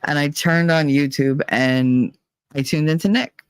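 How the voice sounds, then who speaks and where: A man's voice: a little high, steady tone, unhurried, clean tone, dry recording. A man from New Jersey talking candidly to his viewers in a rambling, profane, confessional way, sometimes mimicking other people. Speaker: channel host. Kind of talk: candid personal monologue to viewers.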